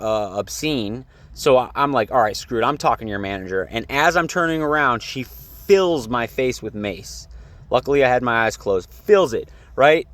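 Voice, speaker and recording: A man's voice: mid-range voice, fairly bright tone, dry recording. A young man telling a story in a casual vlog, rambling and heated, with lots of fillers and swearing. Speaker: vlogger. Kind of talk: casual venting vlog to camera.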